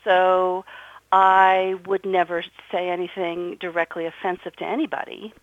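A middle-aged woman from New Jersey speaks with earnest emphasis, her voice low for a woman. The recording is dry and dull, like a muffled podcast line. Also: level tone, measured pace, no echo. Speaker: guest, author. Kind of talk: conversational interview.

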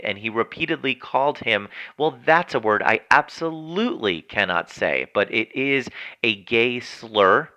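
A man hosting a news commentary segment, reading stories and adding his own chatty, opinionated remarks. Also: medium pitch. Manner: chatty, editorializing, animated. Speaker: news show host.

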